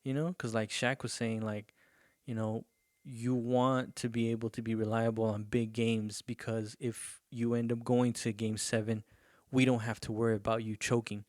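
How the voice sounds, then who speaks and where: A man's voice: mid-range voice, little pitch movement, normal speed, darkish tone, no echo, studio quality. A young man hosting his own podcast, talking loosely and profanely with lots of fillers. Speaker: podcast host. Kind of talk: casual solo podcast rant.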